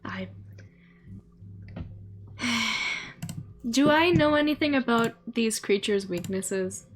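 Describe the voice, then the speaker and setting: A woman's voice: a little high, animated, slow. A woman playing in a tabletop game, talking casually and laughing often. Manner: laughing, playful. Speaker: player.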